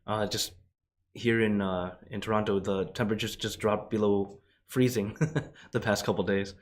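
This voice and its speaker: A man who is a monk, leading a guided meditation in slow, gentle, drawn-out phrases, his voice a little rough from a cold. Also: on the low side, level tone. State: has a cold, voice lower than usual.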